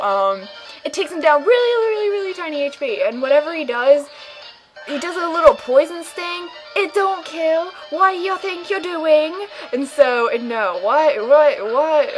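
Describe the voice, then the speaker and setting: A woman's voice: medium pitch, rough recording. A young woman casually commenting on her own game playthrough, rambling and joking as she goes. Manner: rambling, jokey, puts on silly voices. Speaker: gamer doing a let's play.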